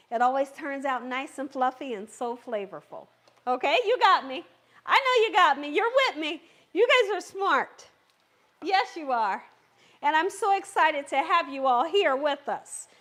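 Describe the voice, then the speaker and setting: Streaming live from her home kitchen, a woman runs a cooking channel and speaks directly to her viewers in a chatty, encouraging way. Her high voice is animated and a bit bright, at a normal speed.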